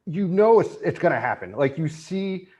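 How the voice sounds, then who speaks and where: A man as a podcast guest in casual chat, speaking with excited, emotional enthusiasm. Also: a little high, moderate pace, breathy edge. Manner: emotional, excited fan, animated retelling.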